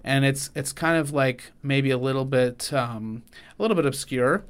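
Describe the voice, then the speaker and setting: A man co-hosting a faith and politics podcast, talking in an earnest, halting way with many restarts. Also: medium pitch, clean tone. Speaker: podcast co-host. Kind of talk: casual conversational podcast.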